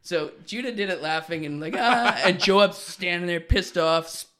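Male podcast host, slightly high voice, animated raconteur who acts out voices and laughs easily. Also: moderate pace. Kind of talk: casual podcast chat.

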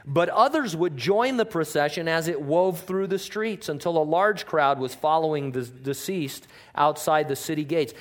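A man, a pastor, giving a conversational sermon in church, joking and often changing his pitch and loudness.

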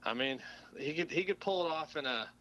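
A man's voice: on the high side, expressive, brisk, a bit bright, dull audio. Enthusiastic rambling podcast man. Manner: enthusiastic, rambling, many fillers and swearing. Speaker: podcast co-host. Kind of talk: casual movie discussion podcast.

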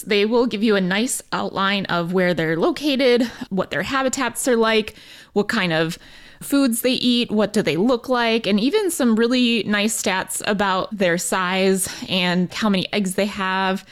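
Chatty enthusiastic woman on radio. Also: medium pitch. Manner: enthusiastic, informal, with fillers and laughs. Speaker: wildlife program manager.

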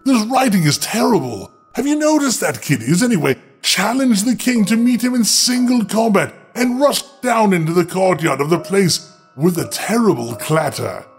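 Male storyteller, high-pitched voice, sardonic asides, comedic fairy tale reading, faint music underneath. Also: expressive, normal speed.

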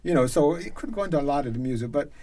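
A man from Jamaica with a Jamaican accent, a reggae concert promoter telling stories as a guest, lively and emphatic. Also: fairly high pitch, rapid-fire. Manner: lively storyteller who grows loud and emphatic. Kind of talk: animated storytelling in a conversation.

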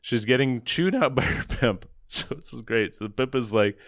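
A man's voice: mid-range voice, normal speed, no echo, studio quality. A man co-hosting a podcast, recapping a movie in casual, sarcastic chat, swearing and acting out lines. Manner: animated, sarcastic, swears, acts out quotes. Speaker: podcast co-host.

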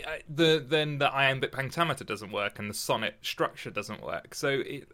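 Male co-host with a bright voice, thinking aloud in a casual literary chat. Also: medium pitch. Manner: halting, restarts often, thinks aloud. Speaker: podcast co-host discussing poetry.

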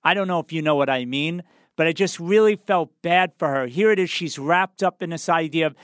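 Podcast host, male; earnest, chatty storyteller, light-pitched, dry close sound. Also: a little fast, clean tone, no room sound. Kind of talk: casual conversational storytelling.

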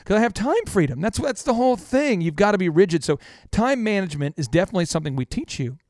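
A man with a high, bright voice tells stories on a business talk show, lively and animated as he mimics the people in them. The studio sound is close and dry, with no room around it. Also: fast talker, dry recording. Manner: animated storyteller, acts out quoted people. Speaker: business podcast host. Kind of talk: energetic talk show banter.

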